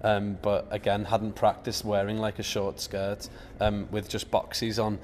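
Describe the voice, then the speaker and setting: A man's voice: lowish voice, completely flat delivery, measured pace, a little mellow, long reverb tail, slight background noise. A young English man, a band's drummer, telling jokey rambling stories in a casual interview. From England. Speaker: band drummer. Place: backstage at a music venue.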